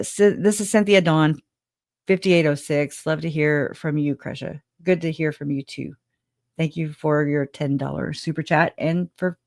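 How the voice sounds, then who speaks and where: A woman's voice: low-pitched, darkish tone, no room sound, clean studio sound. A woman hosting a casual livestream and reading viewer comments aloud. She rambles, laughs often, swears casually and sounds emotional and grateful. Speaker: livestream host.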